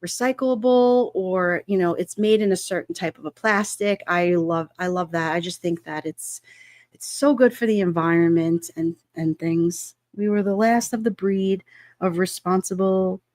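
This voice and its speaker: With a lowish, darkish voice at a moderate pace, a middle-aged livestream host chats casually, reads out viewer comments and laughs a lot. She rambles with plenty of fillers; the recording is dry and studio quality.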